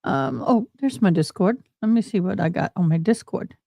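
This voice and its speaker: A woman's voice: on the low side, animated, moderate pace, vocal fry, warm tone, no echo. A woman hosting a casual live stream, chatting and rambling to her viewers, calling them y'all. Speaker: livestream host commenting on court trials.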